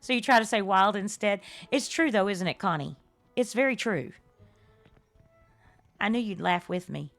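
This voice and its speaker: A woman's voice: mid-range voice, animated, moderate pace, long pauses, a bit bright, dry recording, faint music behind. An older woman, chatting effusively and laughing often as she streams a game live and thanks her viewers. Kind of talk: live-stream chat while playing.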